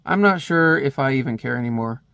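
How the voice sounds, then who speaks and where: A man reading the lines of a weary, resigned married woman from a comic, in a flat tone. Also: medium pitch, fairly quick, gravelly, smooth, no echo.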